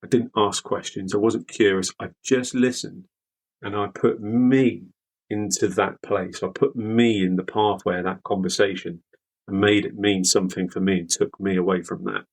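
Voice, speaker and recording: A man from the UK, a veteran guest, speaking candidly in an interview with halting, repeated words. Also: lowish voice, steady tone, slightly rough, low-quality recording. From United Kingdom.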